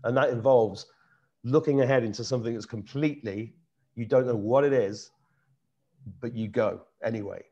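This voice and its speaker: Middle-aged British host, earnest and animated, keeps restarting his sentences. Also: mid-range voice, normal speed, pauses often, lo-fi sound. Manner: earnest, animated, repeats himself while searching for words. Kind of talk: casual conversational storytelling.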